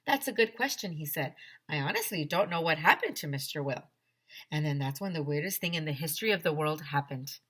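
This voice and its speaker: A woman teacher reading a children's chapter book aloud, animated and full of character voices. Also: deep voice, fairly quick, husky. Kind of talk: children's storybook read-aloud.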